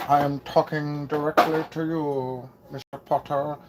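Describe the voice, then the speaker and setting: Man putting on a slow, haughty drawl. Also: on the high side, flat delivery, lightly acted. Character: stern drawling man scolding a boy. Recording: clear background music.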